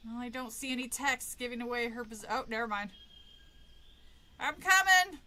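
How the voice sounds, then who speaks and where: A woman playing a horror game and commenting aloud, chatty and quick to laugh as she talks back at what she sees. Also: fairly high pitch, flat delivery, sharp tone, a little hiss or hum. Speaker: video game streamer. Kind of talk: let's play commentary. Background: game music.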